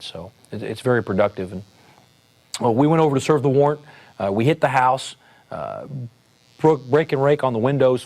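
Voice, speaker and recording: A man, a police sergeant, telling a story in a relaxed, conversational way with frequent fillers and restarts. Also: on the low side. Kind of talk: storytelling talk.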